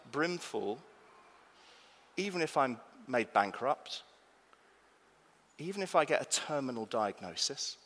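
A man's voice: high voice, fairly bright tone. Man preaching, emphatic, in a reverberant hall. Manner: emphatic, asks the congregation questions. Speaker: pastor. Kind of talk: sermon. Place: church. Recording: long reverb of a church hall.

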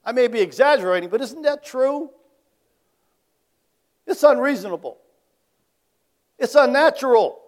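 A man with a high voice preaches to his congregation in an easy, talking manner. He keeps turning to the crowd with rhetorical questions, then lets his voice fall to a soft "isn't it?". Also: expressive, a little slow, long pauses. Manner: conversational, asks the audience rhetorical questions; varies loudness, dropping to quiet tag questions. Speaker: pastor. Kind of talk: sermon.

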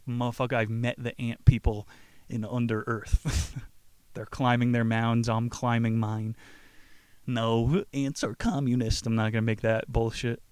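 Male host, casual, profane, jokey; mid pitch, dry close sound. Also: smooth, no room sound. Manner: profane, joking, laughs often. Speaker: podcast host. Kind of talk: casual book-summary talk.

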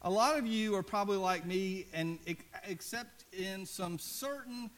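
A man preaching a sermon as pastor, conversational and earnest, often dropping soft and low for emphasis. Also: measured pace.

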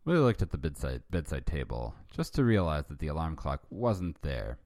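Low-voiced host, animated delivery, wry asides, dry close mic. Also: male voice, moderate pace, no echo. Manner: wry, self-interrupting asides. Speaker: host reading fanfiction. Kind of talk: comic dramatic reading with asides.

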